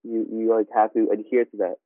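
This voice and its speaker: A man's voice: fairly low pitch, little pitch movement, brisk, dry recording, narrow, tinny audio. Ny guy rambling on a podcast, lots of "like", thin phone-ish sound. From New York. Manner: loose, rambling, many "like" fillers. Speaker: podcast co-host. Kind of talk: casual chat.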